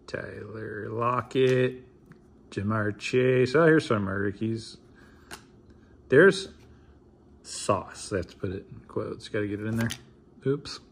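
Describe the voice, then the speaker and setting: A man in his thirties opening trading card packs in a casual vlog, reading names aloud with wry, mumbled asides. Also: medium pitch. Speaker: card opener.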